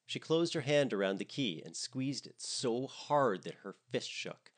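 A man narrating a comedic story in an expressive, animated reading style. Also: mid-range voice, unhurried.

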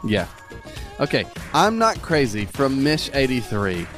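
Joking Southern man, lively pitch. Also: a little slow, music in the background. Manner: joking, laughs often. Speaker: podcast co-host. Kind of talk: casual chat, reading listener reviews.

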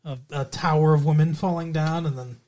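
A man's voice: a little high, steady tone, fairly quick, background noise. A man co-hosting a podcast in casual chat, joking crudely and laughing at his own jokes. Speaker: podcast co-host.

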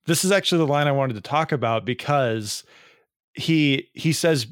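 Man, mid pitch, laid-back, laughs easily, dry recording. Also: moderate pace, no echo. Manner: easygoing, laughs often, hedging. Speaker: podcast host. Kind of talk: casual chat.

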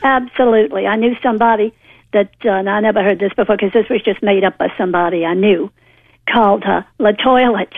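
A woman's voice: medium pitch, fairly quick, no echo. A woman from New Orleans calling in to a talk radio show, indignant and rambling with fillers. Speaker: caller. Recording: phone line.

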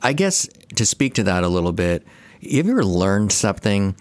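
A man's voice: lowish voice, sing-song, moderate pace, no echo. A man in his thirties, a therapist co-hosting a podcast, chatting casually and joking, often acting out what others said. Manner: jokey, laughing, quotes others in voices. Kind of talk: casual chat.

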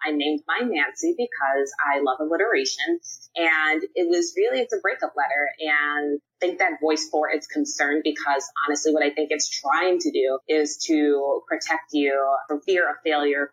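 Podcast guest, young woman, low husky voice, upbeat and casual. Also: fairly bright tone, poor audio. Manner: upbeat, candid, casual slang. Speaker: podcast guest, nonprofit PR professional. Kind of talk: podcast interview.

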